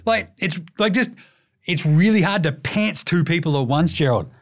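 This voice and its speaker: An animated man with a higher-pitched voice and an Australian accent speaks at a moderate pace while hosting a casual basketball podcast. His sports commentary is profane, jokey and rambling.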